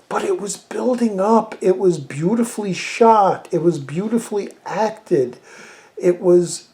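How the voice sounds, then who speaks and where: A man's voice: sits high, dark tone. A man giving a casual, rambling film review, exasperated and swearing freely. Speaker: movie reviewer.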